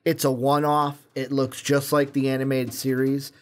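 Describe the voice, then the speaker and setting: A man's voice: medium pitch, level tone, normal speed. A man co-hosting a casual chat, talking earnestly and emphatically and repeating his points. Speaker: co-host.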